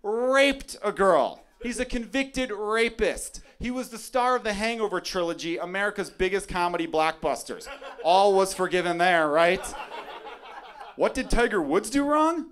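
A man from Chicago performing a profane, excitable stand-up comedy set on a club stage, with a handheld mic. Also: high voice, a little slow. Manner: brash, profane, excitable bits. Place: comedy club stage before a live crowd. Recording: live club recording with crowd laughter. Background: audience laughter.

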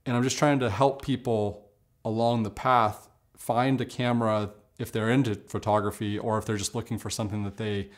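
A man talking casually in a camera review vlog, relaxed and conversational, with lots of fillers and asides. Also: on the low side.

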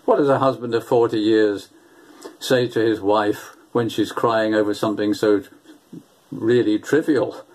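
An older man delivers a sermon at an unhurried, deliberate pace. He speaks earnestly, telling homely stories and often doubling his words as he goes. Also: medium pitch, animated, a little mellow, slightly rough. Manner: storytelling, earnest, repeats words. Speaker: preacher.

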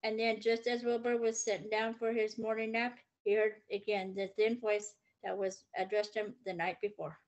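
A woman reading a children's book aloud, with gentle, expressive storytelling. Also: mid-range voice, normal speed, few pauses, dull audio. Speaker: reader.

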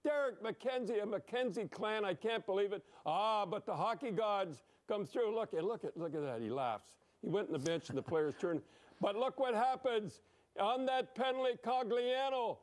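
Older man, high-pitched, blunt and rambling hockey commentator. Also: expressive, moderate pace. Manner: blunt, emphatic, rambling, with frequent "eh?". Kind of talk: excited hockey commentary over replays.

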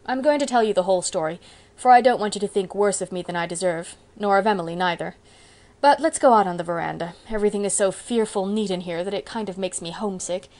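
A woman's voice: mid-range voice, fast, darkish tone, close to an everyday voice. Lady reading as a grumbly old farmer guy, rueful and folksy, audiobook. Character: older male farmer, grumbling and sheepish.

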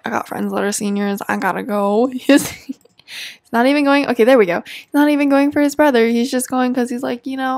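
A young woman talks over her gameplay in a relaxed, unhurried way, her voice sitting a little high. She gushes and giggles easily, getting sentimental as she plays. The sound is close and dry. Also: no echo. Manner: gushing, emotional, giggly. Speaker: gaming channel host. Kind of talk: casual let's-play commentary.

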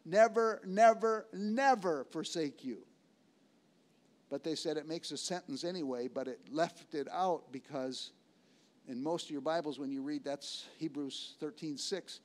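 Man, high voice, sermon, emphatic, repeats phrases, loud and hushed swings. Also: steady tone. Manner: slows for key words, swings between loud and hushed. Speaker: pastor.

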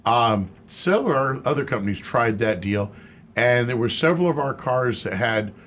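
A man's voice: mid-range voice, animated, normal speed, fairly bright tone, slight background noise. A man co-hosting a radio call-in show about cars, explaining answers at length and laughing easily. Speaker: auto expert co-host. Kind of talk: radio call-in car talk.

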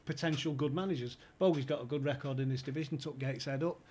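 A man's voice: mid-range voice, fast, a little mellow, slight background noise. A man telling stories casually, swearing and laughing as he goes. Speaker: podcast guest, former club insider. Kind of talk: casual storytelling chat.

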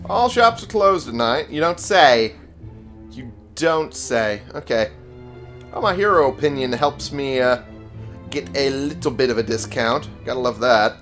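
A man's voice: medium pitch, animated, normal speed, a bit bright, faint music behind. A young man casually commentating his gameplay, swearing freely and talking back to the characters with wry humor. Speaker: let's play gamer.

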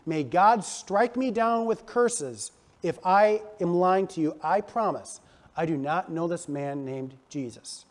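A man's voice: a little high, animated, big-room sound. A pastor acting out a panicked male disciple who hurriedly denies knowing his teacher. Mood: desperate. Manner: flustered, hurried denials.

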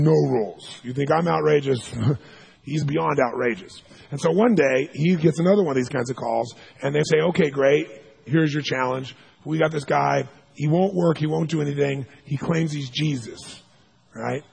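A man leads a seminar, telling a story in an animated, lively way. His voice is rough and gravelly, deeply husky, and sits a little higher than most men's. He acts out the people in his story, sometimes breaking into loud shouts. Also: moderate pace. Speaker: seminar speaker. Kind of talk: storytelling lecture.

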